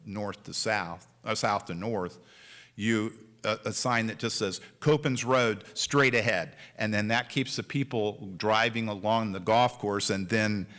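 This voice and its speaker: A man's voice: lowish voice, fairly even intonation, measured pace, a bit bright. A man chairing a city planning board meeting, talking casually and acting out what drivers might say. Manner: chatty, acts out quoted drivers. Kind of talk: public meeting discussion. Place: city council chamber.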